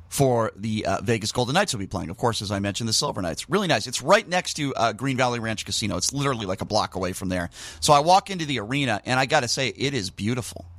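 A middle-aged man hosting a sports talk show, telling stories in a casual, animated way with indignant outbursts. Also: medium pitch, no echo. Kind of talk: casual sports radio monologue.

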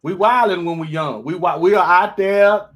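A man co-hosting a casual live chat, animated and teasing, joking often. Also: high-pitched, moderate pace, faint music behind. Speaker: co-host.

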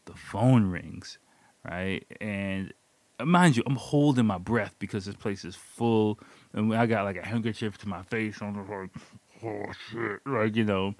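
Guy with a lowish voice rambling through a story, swears a lot, keeps laughing, dry close sound. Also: a little slow, darkish tone, dry recording. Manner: loose and profane, laughing through the telling. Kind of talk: casual spoken anecdote.

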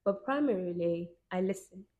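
A woman's voice: lowish voice, animated, moderate pace, dark tone, dull audio. A woman hosting her own podcast, talking alone in a casual, reflective, self-mocking way. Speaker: podcast host. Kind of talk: casual solo podcast talk.

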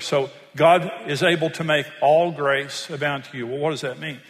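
A man's voice: fairly high pitch, steady tone, normal speed, hardly any pauses, fairly bright tone, in a large hall. An older man, preaching a sermon and telling stories in an earnest manner. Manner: storytelling, earnest, rises when stressing points. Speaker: pastor.

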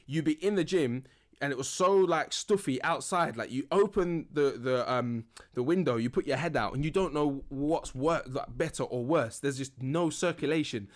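A young man hosting a relaxed solo podcast, rambling with lots of fillers and laughing now and then. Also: a little high, moderate pace. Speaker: podcast host.

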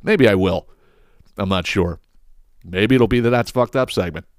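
A man's voice: fairly low pitch, normal speed, dry recording, studio quality. A young man hosting a podcast, ranting bluntly and with lots of cursing, exasperated. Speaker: podcast host.

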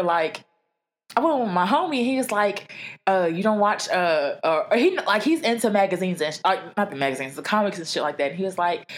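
A young woman co-hosting a podcast, joking and cursing freely in casual chat, laughing often. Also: on the low side. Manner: animated, joking, profane, laughs a lot. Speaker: podcast co-host.

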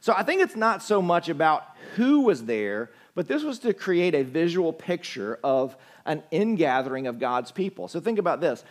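A young pastor with a Southern US accent delivers a sermon in a relaxed, storytelling way. His voice sits a little higher than most men's, and he talks to the congregation as if chatting with friends. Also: moderate pace, hardly any pauses. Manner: conversational storytelling.

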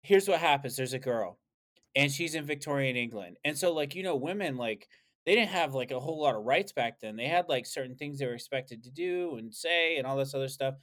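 A man's voice: medium pitch, fairly quick. A man co-hosting a podcast in casual chat, telling rambling stories with lots of swearing and fillers. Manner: animated, profane, rambling storyteller. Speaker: podcast co-host.

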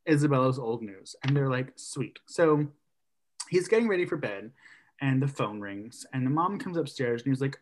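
A man's voice: mid-range voice, normal speed, a little hiss or hum. Casual podcast guy retelling a story. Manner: animated storyteller, acts out characters' lines.

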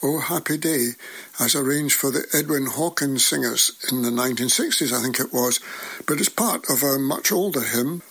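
A man presenting a radio programme, introducing music in a relaxed, conversational way. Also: mid-range voice, moderate pace, creaky, breathy edge. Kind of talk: scripted radio link.

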